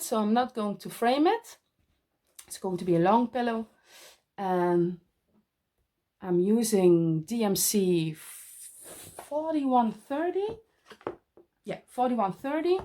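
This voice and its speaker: Slow, halting Dutch-accented woman. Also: lowish voice, a little mellow. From Netherlands. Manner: halting, searching for English words. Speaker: cross-stitch vlogger. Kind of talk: casual show-and-tell vlog.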